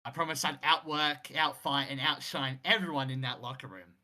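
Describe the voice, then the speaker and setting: A man's voice: medium pitch, fairly even intonation, moderate pace, sharp tone. A man voicing a defiant, injured male wrestling champion who speaks with intensity.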